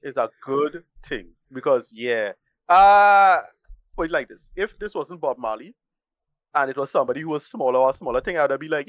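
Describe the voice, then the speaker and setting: A man's voice: on the high side, normal speed, no room sound, dull audio. A man co-hosting a casual podcast film review, blunt and rambling, swearing freely as he delivers his verdict. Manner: blunt, rambling, swears freely, uses Caribbean-style English.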